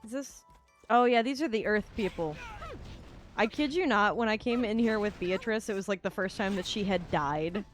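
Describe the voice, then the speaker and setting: Young female streamer, mid-pitched, rambling chatter between gameplay moments. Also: normal speed, faint music behind. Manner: rambling, lots of "like" fillers, laughs often. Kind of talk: casual chat while gaming.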